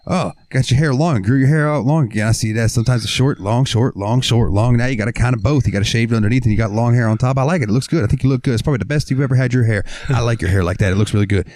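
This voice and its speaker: A man voicing a chatty middle-aged woman shopper who gushes with repetitive flattery. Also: mid-range voice, racing, few pauses, no echo, pitched above the performer's own voice, natural voice. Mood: gushing.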